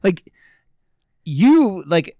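A man's voice: sits high, big pitch swings, extremely slow, warm tone, no echo, clean studio sound. An American man co-hosting a casual chat, rambling and swearing, with lots of fillers. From United States. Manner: rambling, profane, full of fillers. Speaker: podcast co-host.

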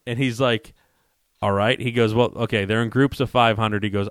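A man co-hosting a casual chat, telling a story with quick laughs and acting out both sides of a phone call. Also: lowish voice, no room sound, clean studio sound. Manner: animated storyteller who acts out both sides of phone calls, laughing as he goes. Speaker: podcast co-host.

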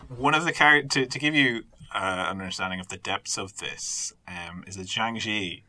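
Very bright, lowish male critic. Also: moderate pace. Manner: blunt and sweary, restarts a lot. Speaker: film critic panelist. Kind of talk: casual film review chat.

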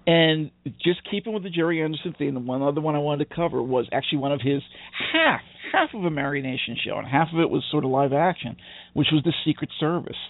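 A man with a gravelly, husky voice rambles through a casual podcast chat, swearing freely and laughing along. His voice sits a bit high for a man. The sound is dry and narrow, like a phone line. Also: animated, fast talker, no room sound. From United States. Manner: rambling, profane, laughs often. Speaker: podcast co-host.

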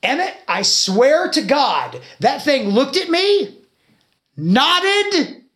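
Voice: sits high, wildly swooping pitch, drawn-out words, fairly bright tone. A podcast host telling a long story in casual chat, swearing freely and telling it with animation.

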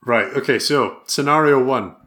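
A man's voice: medium pitch, normal speed, a bit bright. A man co-hosting a podcast, chatting casually and playfully quizzing his co-host with frequent laughs. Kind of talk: casual chat.

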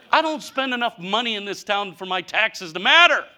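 A man in his fifties, a pastor preaching a humorous sermon with animated, mock-whining storytelling and folksy speech. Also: sits high, normal speed. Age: 50s.

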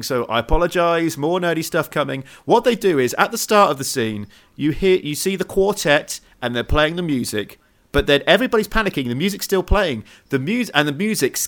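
A man's voice: a little high, expressive, fairly quick, a bit bright. A man co-hosting a casual film podcast, talking with eager enthusiasm and frequent restarts. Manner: enthusiastic, gushing, stumbles and restarts. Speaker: podcast co-host.

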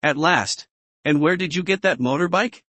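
A calm old wizard in his later years, measured and unhurried, with a dry wit under his wisdom, as a male reader plays him. His voice is kept close and dry. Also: on the high side, dry recording.

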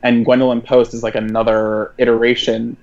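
A man's voice: medium pitch, level tone, brisk, darkish tone, dull audio. A man co-hosting a podcast in casual chat, talking in loose runs full of "like" and laughing often. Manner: chatty, many "like" fillers, laughs often. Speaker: podcast co-host.

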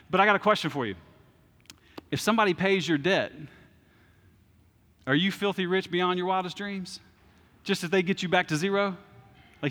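A man's voice: high-pitched, normal speed, sharp tone, big-room sound. A man in his thirties preaching a sermon as pastor, conversational, with asides and restarts.

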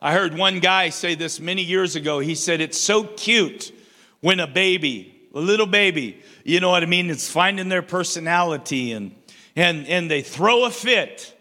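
A man's voice: high-pitched, lively intonation, moderate pace, pushed and bright, long reverb tail. An older man preaching a sermon as pastor in a church, calling out to the congregation for responses and often repeating and restarting his phrases. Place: church sanctuary.

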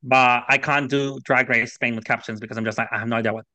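Bright, forceful male podcast guest. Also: medium pitch, steady tone, quick pace, dry recording. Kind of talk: casual chat. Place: at home. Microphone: video call.

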